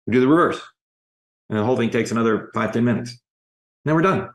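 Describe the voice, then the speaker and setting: A man's voice: medium pitch, quick pace, pauses often. A man working as an executive coach, telling stories in a podcast interview and acting out the dialogue in them. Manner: lively anecdotes, re-enacting dialogue in quotes.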